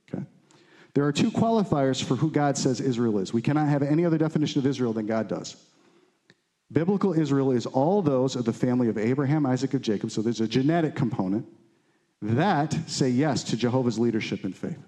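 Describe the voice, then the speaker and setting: A man with a warm, mid-range voice teaches a Bible study to a live group at a moderate pace. In this teaching sermon he reads scripture aloud and asks the room questions conversationally.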